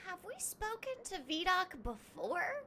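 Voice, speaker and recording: A woman's voice: extremely high pitch, sing-song, a little slow, bright, forceful tone, a little hiss or hum. A woman chatting casually and bubbly while she streams a game, often giggling as she talks. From United States. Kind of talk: casual gaming stream chat. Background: game music.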